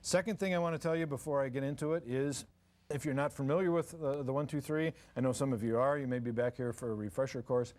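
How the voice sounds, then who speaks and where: A man's voice: mid-range voice, fairly even intonation, quick pace, darkish tone. An older man giving a folksy, joking parenting seminar to a live audience, acting out parents and kids. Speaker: parenting lecturer. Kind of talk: humorous live seminar talk.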